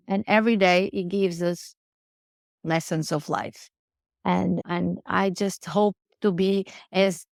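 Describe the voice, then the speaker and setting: A woman's voice: on the low side, darkish tone, no room sound, clean studio sound. A woman, speaking earnestly in a casual interview and often repeating words as she searches for phrasing. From Portugal. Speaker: guest, riding instructor.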